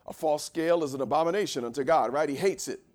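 This pastor's voice is on the high side as he delivers his sermon. He alternates quiet remarks with loud, drawn-out declarations and leads his congregation through reading scripture aloud.

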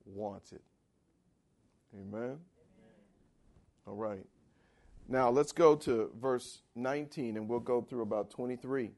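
A man preaching a sermon in a conversational style, asking for amens and swinging between loud and quiet. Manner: dramatic swings in pitch and volume. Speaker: pastor.

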